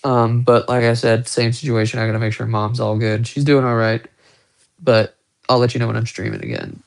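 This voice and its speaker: Chatty young man with a gravelly voice. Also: mid-range voice, fairly quick. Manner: rambling, chatty, talks to viewers while showing his guitars and watches. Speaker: live streamer. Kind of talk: casual live-stream chat. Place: small room at home. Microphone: phone held close.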